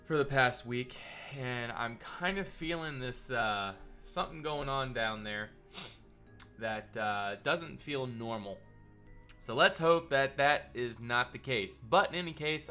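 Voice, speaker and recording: A man live-streams a building session, chatting casually with viewers and greeting them by name. His medium-pitched voice sounds pushed and bright, and a cold has left it nasal and congested.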